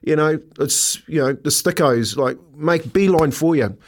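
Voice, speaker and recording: An older man, co-hosting breakfast radio and telling a story in animated, rambling chat full of fillers. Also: on the high side, unhurried, slight background noise.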